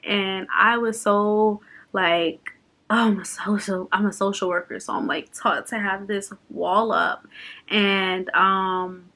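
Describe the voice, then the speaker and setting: A woman's voice: medium pitch, steady tone, slow pace, pushed and bright. A young woman chatting unscripted in a personal vlog, open and emotional, laughing and fighting back tears at times. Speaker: vlogger.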